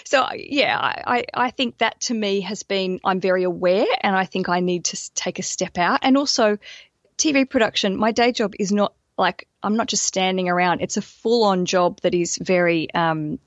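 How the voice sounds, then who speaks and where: An Australian woman talking casually as a podcast guest, lively and self-deprecating, full of restarts and asides. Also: medium pitch, normal speed, no room sound, lo-fi sound. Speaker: podcast guest, wedding business owner.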